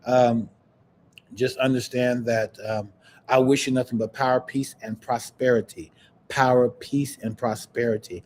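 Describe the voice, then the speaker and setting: A man hosting a podcast, chatting casually and preaching encouragement in a warm, churchy way. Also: mid-range voice, flat delivery, measured pace, a little hiss or hum. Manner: warm, churchy, breaks into laughs and sing-song. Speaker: podcast host. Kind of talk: casual livestream chat, preachy sign-off.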